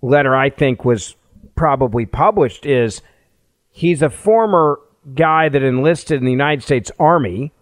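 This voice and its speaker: A man co-hosting a political podcast, explaining quickly and restarting his phrases as he goes. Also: mid-range voice, animated, no room sound. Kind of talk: casual political chat.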